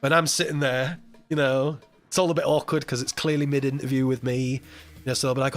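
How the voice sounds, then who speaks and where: A man's voice: medium pitch, level tone, fairly quick, faint music behind. A man hosting a live chat stream, telling a rambling, emotional story full of quoted voices. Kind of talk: casual chat.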